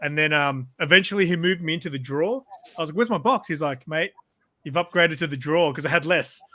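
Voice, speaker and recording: Brief: man, slightly high voice, dry close sound, rambling profane storyteller. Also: fast, bright, forceful tone, no room sound. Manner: rambling, swears freely, laughs at himself. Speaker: regular in a group hang-out. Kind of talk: casual storytelling chat.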